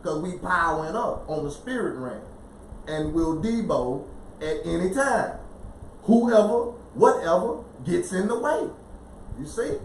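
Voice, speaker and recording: Animated man asking "you see?". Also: high voice, reverberant, a little hiss or hum, low-quality recording. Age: 40s. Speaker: podcast co-host. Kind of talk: casual spiritual discussion.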